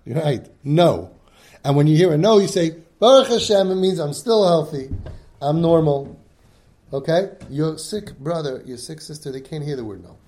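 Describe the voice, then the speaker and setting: A man with a dark, rather high voice leads a support group of siblings, speaking emphatically at a normal speed. In this impassioned talk he acts out children's pleas and mixes in Yiddish and Hebrew words.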